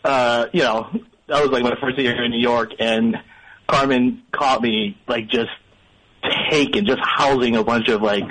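A man's voice: mid-range voice, a bit bright, low-quality recording. A man calling in by phone to a comedy show, telling stories in a laid-back, offhand way. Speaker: caller. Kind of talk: phone-in chat.

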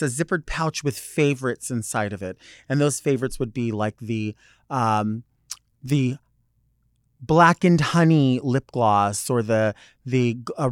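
Middle-aged man, drag podcast host, theatrical and playful, mid-pitched voice, dry close mic. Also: no echo. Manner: theatrical, playful drag persona with sassy asides. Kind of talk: campy talk show monologue.

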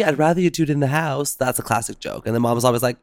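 A man co-hosting a casual talk show, telling stories in a lively way and acting out what people said. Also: mid-range voice, fast, no room sound, studio quality. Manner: animated storytelling, acts out quoted voices. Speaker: podcast co-host. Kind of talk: casual chat.

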